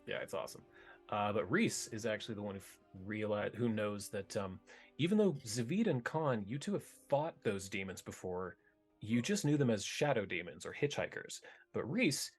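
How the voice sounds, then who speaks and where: A man's voice: on the low side, normal speed, breathy edge, soft background music. A man running a tabletop game as game master, chatty and given to laughing at his own scenes. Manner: animated, laughing, rambling rules talk.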